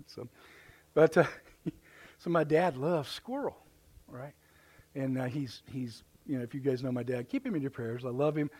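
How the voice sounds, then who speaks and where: A middle-aged man preaching a live church sermon in a folksy, halting way, with many restarts and repeated words. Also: medium pitch, a little mellow, breathy edge. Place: church sanctuary.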